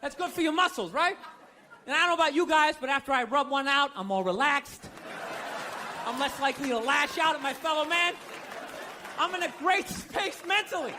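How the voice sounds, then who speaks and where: Stand-up man, very high bright tenor, sarcastic ranting, live stage mic with a faint crowd. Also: normal speed, background noise. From United States. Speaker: stand-up comedian. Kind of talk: stand-up routine. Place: comedy stage before a live audience. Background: audience laughter.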